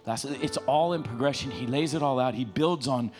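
A middle-aged man preaching a casual sermon, lively and joking, retelling scripture in everyday slang. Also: mid-range voice, moderate pace, music in the background.

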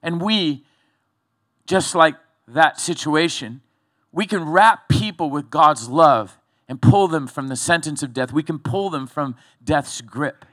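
A male pastor preaching a sermon, telling a story in a loose, conversational way with animated build-ups. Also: a little high, slow, no echo, clean studio sound.

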